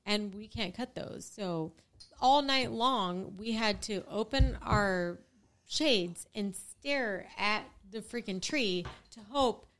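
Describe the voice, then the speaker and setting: A young woman with a smooth, clear voice tells a story among friends. She talks in an animated way, acts out what others said, and swears casually. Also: medium pitch, slow pace.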